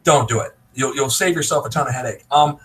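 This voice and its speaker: A man's voice: medium pitch, a little fast, a bit bright, poor audio. An American man in a live video call, giving emphatic, laughing advice in casual chat. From United States. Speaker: online business promoter.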